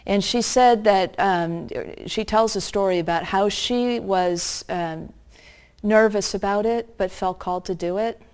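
A woman with a mid-range voice delivers a sermon through a story. She speaks earnestly and slows down to stress her points. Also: medium pitch, darkish tone, clean tone.

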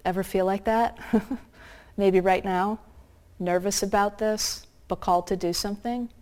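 A woman with a mid-range voice delivers a sermon through a story. She speaks earnestly and slows down to stress her points. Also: mid-range voice, fairly even intonation, darkish tone.

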